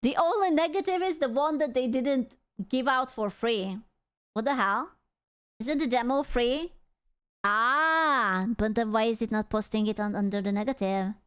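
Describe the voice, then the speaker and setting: A young woman chats and giggles through her reaction to a video, her voice sitting a little high. She talks loosely, with plenty of fillers. The sound is close and dry, with no room around it. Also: normal speed, fairly bright tone, clean tone, no echo. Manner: giggly, chatty, lots of fillers and laughter. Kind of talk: casual reaction commentary.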